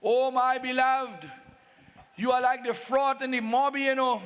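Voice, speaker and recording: A man's voice: very high voice, fairly even intonation, fairly bright tone, clean tone, in a large hall. A man voicing a lovesick old king begging. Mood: pleading. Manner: pleading, drawn-out endearments.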